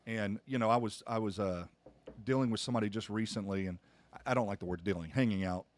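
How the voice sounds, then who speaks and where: A man's voice: lowish voice, quick pace. A middle-aged man, a pastor hosting a podcast, telling a family story earnestly with frequent restarts. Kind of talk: casual podcast conversation.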